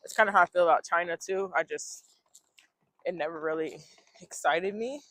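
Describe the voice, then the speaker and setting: A woman's voice: fairly low pitch, normal speed, fairly bright tone, dry recording, poor audio. Sniffling woman vlogging on a cold street. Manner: chatty, joking, talks to viewers as y'all. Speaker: travel vlogger. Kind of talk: casual vlog chat. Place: outdoors on city streets. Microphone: phone camera held while walking.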